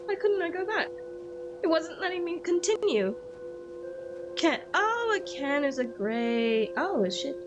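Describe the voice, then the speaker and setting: A woman streaming a video game, chatting casually and excitably and echoing the game text aloud. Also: extremely high pitch, unhurried, muffled recording. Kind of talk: casual gaming chat. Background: game music.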